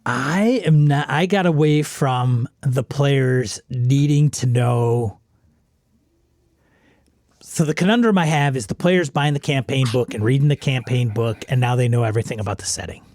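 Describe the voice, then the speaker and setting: A man's voice: mid-range voice, moderate pace, darkish tone, no echo, clean studio sound. A man co-hosting a gaming podcast, talking thoughtfully and restarting his sentences. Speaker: podcast co-host. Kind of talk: casual podcast chat.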